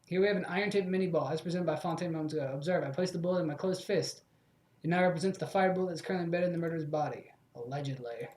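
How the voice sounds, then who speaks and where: A man's voice: a little high, very fast, a little mellow, lightly acted. A man voicing a confident, theatrical male bird lawyer laying out his deductions, in an echoey room.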